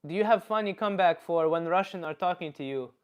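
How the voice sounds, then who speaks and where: Man, live stream chatter, rambling and profane, slightly high voice. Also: fast, clean tone. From Canada. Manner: rambling, profane, reads chat aloud. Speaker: comedian streamer. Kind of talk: casual live stream chat.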